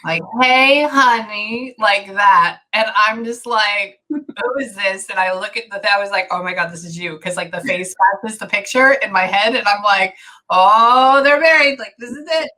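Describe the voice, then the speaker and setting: A woman with a bright, forceful voice works as a medium during a channeling session. She talks in bursts, keeps stopping herself and circles back to repeat her words. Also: medium pitch. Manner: halting, animated, many self-interruptions. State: tearful at times. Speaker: psychic medium.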